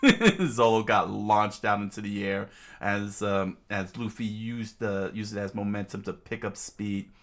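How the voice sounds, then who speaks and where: A man casually reading a manga aloud, halting often with fillers and restarts. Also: on the low side, fairly bright tone. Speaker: reader.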